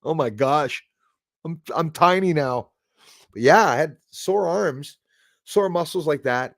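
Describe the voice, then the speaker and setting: A middle-aged man hosting a casual live stream, excitable, thanking viewers by name and swearing when angry. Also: a little high, takes it slowly, no room sound, studio quality.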